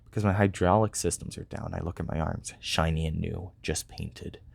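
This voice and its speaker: A man narrating a first-person story in a quiet, subdued way. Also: sits low, fairly even intonation, normal speed, vocal fry, slightly rough. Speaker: audiobook narrator.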